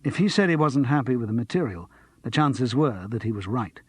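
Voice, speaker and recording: A man narrating an audiobook in a measured, wry way. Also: medium pitch, lively intonation, darkish tone, slightly rough. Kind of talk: scripted narration.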